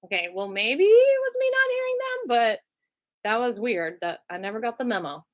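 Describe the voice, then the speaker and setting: A young woman telling a personal story to camera in an emotional vlog, acting out the voices of the people in it. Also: a little fast. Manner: animated, acts out other people's lines with big pitch jumps.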